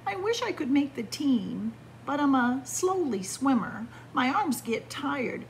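A woman's voice: sits high, very animated, unhurried, creaky, slight background noise, voice pushed up, exaggerated voice. Woman doing a timid little duckling. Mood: wistful. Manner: small, wistful, hesitant.

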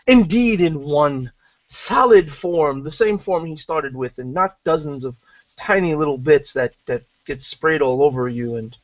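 A man describing his character's moves in a tabletop game, rambling and tripping over his words. His pitch leaps around a lot, and the recording is dry and dull. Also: animated, unhurried, no echo. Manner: rambling, stammering. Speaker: player. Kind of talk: narrating his character's actions.

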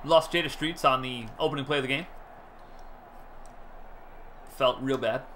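A man casually commenting on his own football video game, bursting into loud shouts at big plays. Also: mid-range voice, fast talker, noisy background. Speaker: gaming YouTuber. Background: game music.

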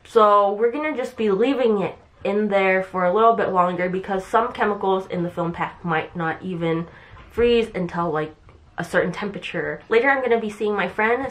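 A young woman chats casually to her camera, rambling from one thought to the next with fillers and restarts. Braces give her speech a slight lisp. Her voice sits at a middle pitch for a woman. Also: a little hiss or hum. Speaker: vlogger. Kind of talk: casual vlog chat.

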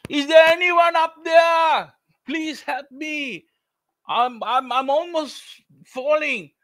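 A man's voice: extremely high pitch, animated, normal speed, fairly bright tone, no room sound, voice pushed up, heavily acted. A man voicing a panicked man hanging from a bush over a ravine, stammering and pleading for help.

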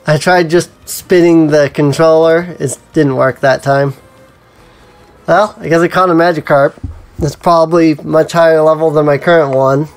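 A man's voice: on the high side, fairly even intonation, normal speed, soft background music. A man giving casual gameplay commentary as a let's play host, musing to himself with frequent ums.

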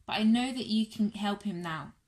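A woman's voice: medium pitch, normal speed, a little mellow, natural voice. A woman voicing Martha, a busy, anxious grown woman, with a pleading, slightly raised voice in a storybook reading. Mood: grieving.

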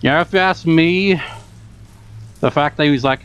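Over game music in a home room with a cat, a young man does let's play commentary, exasperated, sarcastic and swearing often. His voice is on the high side and a bit bright at normal speed, and the audio is dull with a little hiss or hum.

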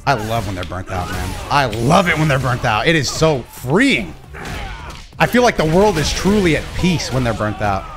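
A man streaming a fighting game, commenting live and swinging between low mumbles and excited shouts. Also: moderate pace. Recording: game music underneath.

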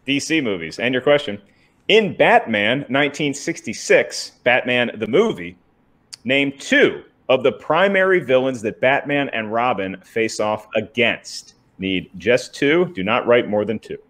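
A man co-hosting a trivia show, mixing question reading with teasing, wry banter. His voice sits at an ordinary pitch, and his delivery stays relaxed and joking. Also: a little slow. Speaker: co-host and question reader.

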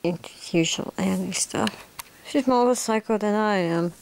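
A woman voicing a smug male cannibal mastermind in an amateur role-play monologue, slipping into soft whispers. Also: mid-range voice, a little hiss or hum, natural voice. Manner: slow, drifting into soft whispers.

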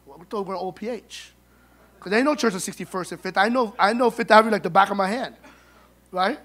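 A middle-aged man telling funny, animated stories at a memorial service, acting out the dialogue. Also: high voice, fast. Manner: humorous, animated, acts out dialogue. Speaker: son giving a eulogy. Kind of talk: storytelling eulogy at a memorial service.

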